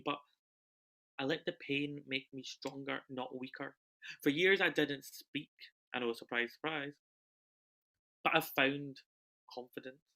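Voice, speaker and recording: A young British man performing an emotional autobiographical stage monologue over a video call, swinging between loud bursts and hushed lines. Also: mid-range voice. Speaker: solo performer.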